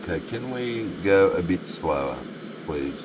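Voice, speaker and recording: Brief: Australian male streamer, deep and slow, casual chatty asides, air conditioning hum behind. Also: expressive. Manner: chatty, muttering asides to the game. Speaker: game streamer. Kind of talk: live stream commentary, reading chat.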